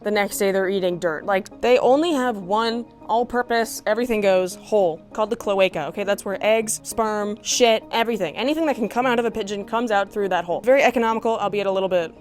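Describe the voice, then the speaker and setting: A woman giving a comedic rant monologue, exasperated, swearing and animated. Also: mid-range voice, quick pace, few pauses, faint music behind. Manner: profane, exasperated, animated ranting. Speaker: comedic commentator.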